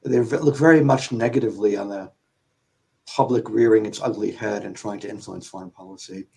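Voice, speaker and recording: A man, an author and panel guest on a radio talk show, explaining in a measured, academic way with frequent ums and you-knows. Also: fairly low pitch, steady tone, vocal fry, warm tone, poor audio. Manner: measured, academic, hesitant with fillers.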